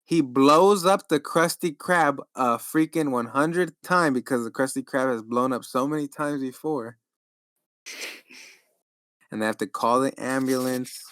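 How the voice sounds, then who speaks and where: Chill slow-talking dude cohost, smooth voice, dry close mic. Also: male voice, mid-range voice, fairly bright tone, no echo. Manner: laid-back, says dude often. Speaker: podcast co-host. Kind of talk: casual chat and improvised storytelling.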